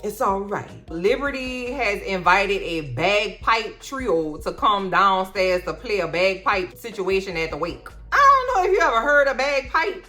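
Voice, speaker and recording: A woman doing a casual, comedic TV episode recap in a sassy, animated way, full of slang and playful asides. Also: medium pitch. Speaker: TV recap host.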